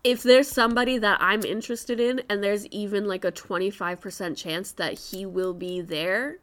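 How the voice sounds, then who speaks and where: A woman's voice: mid-range voice, fairly even intonation, normal speed, a bit bright. A young woman co-hosting a podcast, telling candid stories in casual chat and laughing often. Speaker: podcast co-host.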